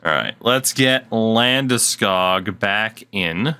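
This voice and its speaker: A man's voice: on the low side, expressive, slow, bright, forceful tone, clean tone. A man giving casual, sarcastic gameplay commentary at his desk mic. He swears freely and mutters to himself as he plays. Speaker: gaming channel host.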